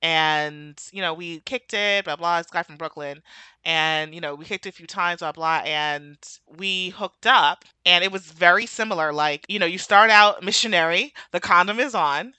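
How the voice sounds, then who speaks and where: A woman in her thirties from the New York area talks candidly on a podcast, speaking straight to her listeners. Her voice is lowish but bright and sharp, recorded close and dry. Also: moderate pace, clear, resonant tone, no room sound. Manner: candid, chatty, addresses listeners directly. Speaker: podcast co-host. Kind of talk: casual personal storytelling.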